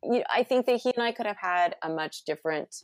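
A middle-aged woman from California, chatting casually and telling a story with animated acted-out quotes. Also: on the low side, brisk, no room sound, studio quality. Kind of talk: casual conversation.

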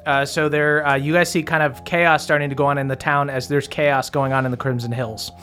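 A man's voice: fairly high pitch, level tone, a little fast, sharp tone, faint music behind. A man as game master, casually narrating a tabletop game with many fillers and the odd curse.

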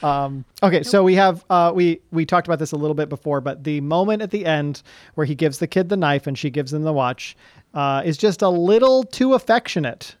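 A man's voice: on the high side, expressive, brisk, dry recording, clean studio sound. A man co-hosting a podcast in casual chat, making sarcastic remarks and laughing often. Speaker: podcast co-host.

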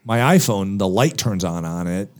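A podcast guest author with a deep, expressive voice discusses his book of motivational advice at a normal speed. His delivery is emphatic and packed with rhetorical questions.

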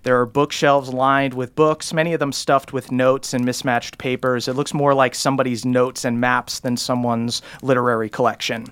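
Relaxed man narrating a game. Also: mid-range voice, moderate pace, few pauses, clear, resonant tone, dry recording. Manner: relaxed descriptive narration with fillers. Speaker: game master.

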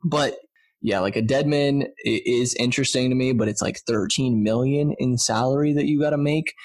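A man's voice: mid-range voice, moderate pace. Casual male podcast co-host, mid-range voice, loose and chatty delivery. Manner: chatty, loose, lots of "like" and restarts. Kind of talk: casual sports podcast chat.

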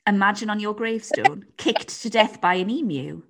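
A woman's voice: mid-range voice, normal speed. A woman hosting a podcast in casual chat, laid-back and teasing, laughing often and passing on listener messages. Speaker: podcast host.

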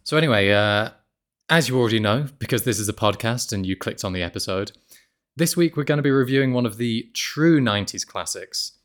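A man hosting a podcast in casual chat, laughing often and poking fun at himself. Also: medium pitch. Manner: laughs often, self-deprecating. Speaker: podcast host. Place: apartment in Mexico.

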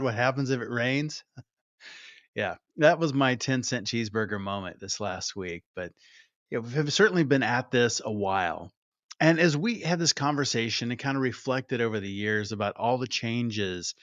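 A man hosts a podcast and talks through a story with energy, in the easy tone of conversation. His voice sits at an ordinary middle pitch. The sound is dry and a little muffled. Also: dry recording. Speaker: podcast host. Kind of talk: podcast monologue.

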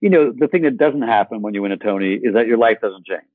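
A man's voice: lowish voice, quick pace, no room sound, narrow, tinny audio. A man from Michigan, a guest actor on an interview podcast, telling stories with playful acted-out asides. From Michigan, USA.

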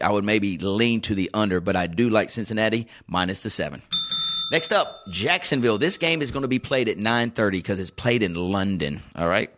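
A man hosting a casual sports betting chat, telling stories with excitable, animated bursts. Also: fairly low pitch. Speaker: sports betting show host.

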